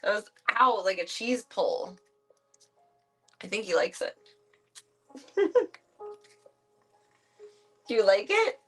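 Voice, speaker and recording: A woman's voice: mid-range voice, sing-song, slow pace, pauses often, a bit bright, breathy edge, faint music behind. A woman streamer chatting casually at home, fussing over her pet in doting, playful baby talk and laughing often.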